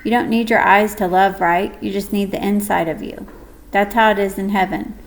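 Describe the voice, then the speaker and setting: A woman voicing a tired, tender mother who speaks softly and soothingly to her son. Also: medium pitch, fairly even intonation, normal speed, creaky, natural voice, poor audio. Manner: soft and soothing.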